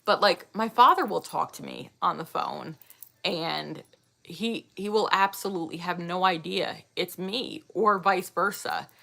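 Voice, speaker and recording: A woman's voice: fairly low pitch, unhurried, creaky, bright, forceful tone. A woman in her thirties chatting casually with her viewers, rambling and laughing often. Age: 30s. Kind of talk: casual chat reading viewer comments.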